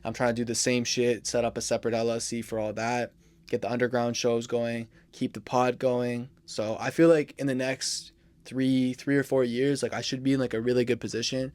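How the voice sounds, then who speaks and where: A young man, hosting a podcast in laid-back, crude casual chat, often trailing off quietly. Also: mid-range voice, little pitch movement, brisk, no room sound. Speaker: podcast host.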